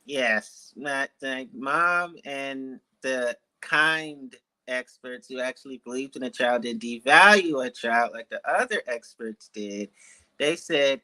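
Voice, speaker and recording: A man of about thirty from Washington, D.C., telling his life story as an author guest in an interview, in a deliberate, measured and articulate way. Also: medium pitch, sharp tone, rough recording.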